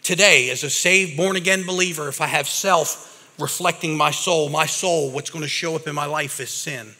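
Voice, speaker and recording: A man preaching a lively, casual sermon to a live audience, talking like a regular guy and calling people bro and man. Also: fairly high pitch, moderate pace. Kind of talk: energetic recovery-ministry sermon. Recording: reverberant hall.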